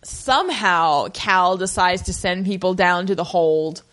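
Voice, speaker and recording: A woman's voice: lowish voice, unhurried. A young woman co-hosting a comedic podcast chat, recapping a movie with sarcastic jokes and frequent laughter. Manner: sarcastic, lively, laughs a lot. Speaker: podcast co-host.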